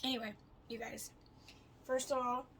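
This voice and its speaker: Young woman, casual vlog chatter, higher voice, rambling, faint room hum behind. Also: normal speed, rough recording. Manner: rambling, swears freely, jumps between topics; animated, laughing, voice swings loud and soft. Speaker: vlogger. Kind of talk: casual chat to camera.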